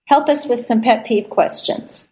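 A woman's voice: fairly high pitch, unhurried, mellow, lo-fi sound. A woman hosting an interview podcast, asking questions and praising her guest effusively. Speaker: podcast host. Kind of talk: casual interview talk.

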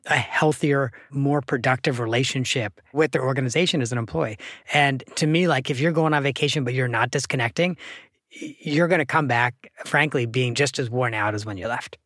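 A man hosting a podcast interview, affirming his guest and telling animated stories from his own work. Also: mid-range voice, no room sound, clean studio sound. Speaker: podcast host. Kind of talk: casual interview conversation.

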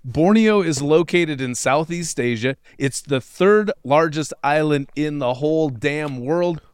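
A man's voice: on the high side, unhurried, clear, resonant tone, dry recording, clean studio sound. A man co-hosting a podcast, telling a true story in a wry, conversational way with plenty of fillers. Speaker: podcast co-host. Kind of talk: casual storytelling podcast chat.

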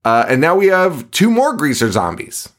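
A man's voice: fairly high pitch, huge pitch swings, moderate pace, a bit bright. A man co-hosting a podcast in casual chat about a movie, swearing often and laughing a lot. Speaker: podcast co-host.

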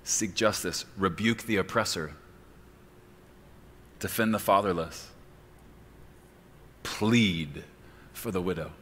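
A man's voice: low-pitched, takes it slowly, pauses often, slight background noise. Emphatic male pastor preaching in a hall. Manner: emphatic preaching, shouting key words. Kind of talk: sermon.

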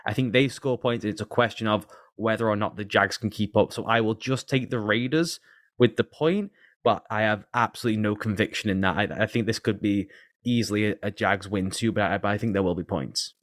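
A man co-hosting a casual sports podcast, talking in animated rants and often laughing. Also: lowish voice, no room sound, clean studio sound. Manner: animated, quick to laugh and rant. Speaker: podcast co-host. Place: lives in the UK.

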